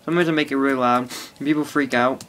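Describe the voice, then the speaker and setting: A man's voice: medium pitch, fairly even intonation, fast, fairly bright tone. A teenage boy rambling casually to an iPod camera, full of fillers and swearing. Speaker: vlogger. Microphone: phone or iPod held close.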